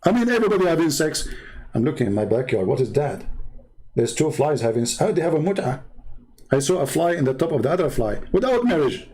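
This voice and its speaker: A man with an Arabic accent, speaking as a channel host and giving mocking, sarcastic commentary. His voice drops to low mutters and jumps to high exclamations. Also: big pitch swings, quick pace, dark tone. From Middle East. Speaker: Christian apologist channel host.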